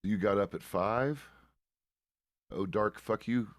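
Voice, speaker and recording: A middle-aged man with an American accent and a very deep voice talks in a loose, swearing, easygoing way, laughing between remarks. The sound is dry and close, with no room around it. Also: slow, no room sound. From United States. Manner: profane, laid-back, chuckles often. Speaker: roleplay streamer. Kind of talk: casual chat while roleplaying a game.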